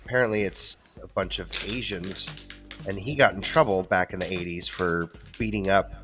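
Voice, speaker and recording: A man co-hosting a casual talk show, laid-back and halting, swearing as he tells things. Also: sits low, steady tone, music in the background. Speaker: co-host.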